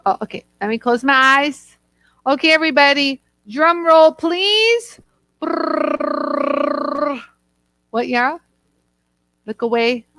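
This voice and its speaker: A woman hosting a live product show, chatting warmly and talking straight to viewers in the chat. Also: high-pitched, expressive, a little slow, no echo.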